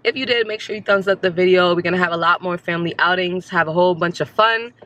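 A woman vlogging her family outing in a chatty, blunt, casual way, a little hoarse from screaming. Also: fairly low pitch, fast, highs cut off. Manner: chatty, blunt, excitable coaching. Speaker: vlogger, mother. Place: outdoor skating rink, then car. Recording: music playing behind. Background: loud music.

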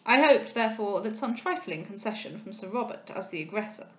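A polished, formal gentleman from an old novel speaks in measured, courteous phrases, as a woman reads him aloud. The voice sits at a middling pitch. A roomy echo hangs around it. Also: expressive, lightly acted. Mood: earnest.

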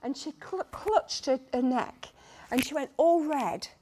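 A woman's voice: high voice, a little slow, a little hiss or hum. Earnest Lancashire woman at a lectern. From Lancashire, England. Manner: earnest, lively storytelling with many restarts. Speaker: guest speaker, consultant midwife. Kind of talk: conference talk.

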